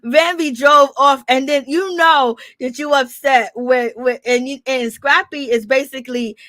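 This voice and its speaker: A woman casually recapping reality TV gossip, telling it in an animated, slangy way and laughing often. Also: sits high, a little slow, no room sound, clean studio sound.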